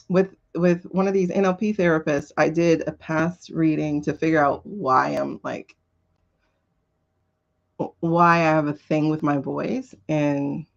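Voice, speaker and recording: A middle-aged woman runs a tarot livestream, chatting casually and rambling as she responds to viewer comments. Her voice is lowish with vocal fry, and the recording cuts off the highs.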